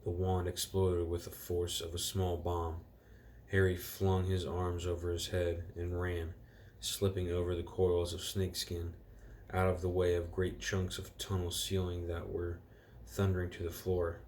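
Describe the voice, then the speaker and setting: Deep-voiced man reading a storybook aloud. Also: unhurried, slight background noise. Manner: relaxed, corrects himself and rereads.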